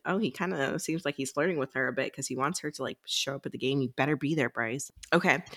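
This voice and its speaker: A woman's voice: low voice, bright, forceful tone. A young woman co-hosting a book podcast, casually recapping the plot and acting out lines. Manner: chatty, recaps plot with quoted voices and laughs. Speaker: podcast co-host.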